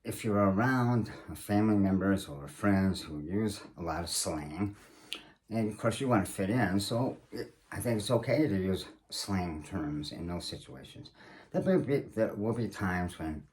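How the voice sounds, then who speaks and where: Deep-voiced man giving measured advice. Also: expressive, darkish tone. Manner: measured, hesitant with frequent fillers. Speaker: video channel host. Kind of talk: casual instructional talk to camera.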